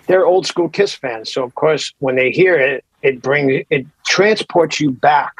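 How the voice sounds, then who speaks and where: Man, husky voice, dry sound, hesitant, repeats words. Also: fairly high pitch, measured pace, no echo, low-quality recording. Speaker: drummer guest. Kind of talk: casual podcast chat.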